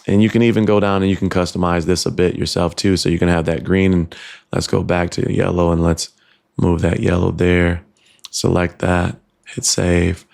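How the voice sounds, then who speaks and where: A man's voice: low voice, flat delivery, moderate pace, vocal fry, a little mellow. A man casually walking through a product demo in his home studio, explaining settings with frequent ums and restarts. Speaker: tech reviewer. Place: home studio with computer fans nearby. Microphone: dynamic USB/XLR desk mic, switching to camera shotgun mic.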